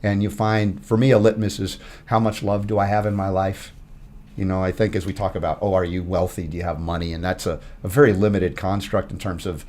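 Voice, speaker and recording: A man with a very low, deep voice speaks as a podcast guest. He reflects in a thoughtful, philosophical manner, weighing spiritual ideas as he goes. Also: little pitch movement, fairly quick, darkish tone, slight background noise. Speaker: podcast guest, health broadcaster. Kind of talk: reflective conversation.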